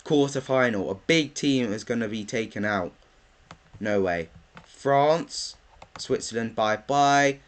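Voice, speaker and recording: A man's voice: mid-range voice, slow pace. A young man, chatting casually through his football predictions, thinking aloud with lots of ums. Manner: rambling, thinks aloud with many ums, bursts into excited chanting. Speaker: football vlogger.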